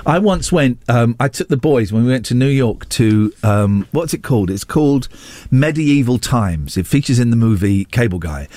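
Excitable man hosting radio. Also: mid-range voice, normal speed, hardly any pauses, no echo. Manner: excitable, playful, self-mocking. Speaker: radio host. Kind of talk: casual radio banter. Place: radio studio.

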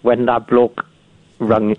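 A man's voice: mid-range voice, completely flat delivery, slow, no room sound. A man calling into a radio phone-in, hesitant and stammering with frequent restarts. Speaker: caller. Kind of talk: phone-in call. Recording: muffled phone line.

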